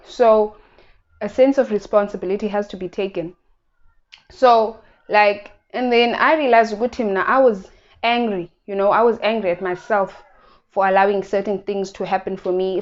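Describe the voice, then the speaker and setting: A woman with a South African accent talks through her personal experiences in an earnest, reflective vlog, often halting and restarting her phrases. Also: mid-range voice, darkish tone. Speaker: YouTuber. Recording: dull lo-fi recording.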